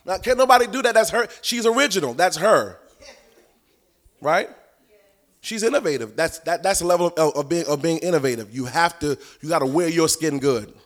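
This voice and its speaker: Male preacher, fairly high voice, animated teaching sermon, folksy and repetitive. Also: moderate pace. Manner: animated, punchy repetition, rises to shouts and sung phrases; folksy colloquial delivery. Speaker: prophetic ministry teacher.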